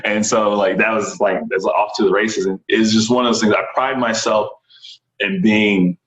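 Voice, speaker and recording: A young man from Texas, a stunt performer, talks through his story in a relaxed interview. His voice sits fairly low and he tells it with animated enthusiasm, slipping into other people's voices. The room has a noticeable echo. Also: moderate pace. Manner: animated, enthusiastic, frequent laughs and quoted voices.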